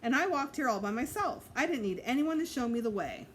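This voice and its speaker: A woman voicing a bossy, giddy little girl of five who talks in a high sing-song. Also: animated, fairly quick, slight background noise. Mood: cheeky.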